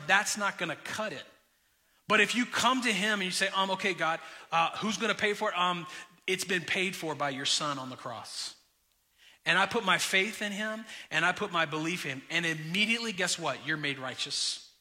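A pastor with a bright, forceful voice preaches to his congregation, moving between personal anecdotes and direct appeals. His voice carries a long reverb from the church hall, and he sits a little above other men in pitch. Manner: energetic storytelling preacher, direct address. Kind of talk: sermon.

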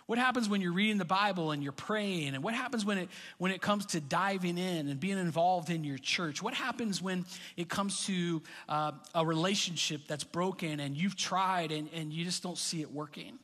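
Middle-aged male pastor, fairly high voice, chatty storytelling sermon, long echo of a church hall. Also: normal speed. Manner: conversational, storytelling, rising to animated bursts.

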